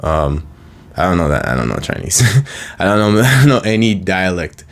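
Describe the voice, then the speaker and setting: A man's voice: sits low, sing-song, moderate pace. A young man talking casually to camera about mindset, loose and rambling, with slang and offhand jokes. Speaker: vlogger.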